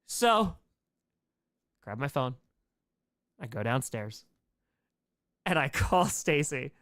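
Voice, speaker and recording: A man hosts a casual live Q&A stream, spinning a story in a rambling, excitable way. His voice is smooth and resonant. He keeps slipping quoted asides into the telling. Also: mid-range voice, takes it slowly. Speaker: comedy streamer and host.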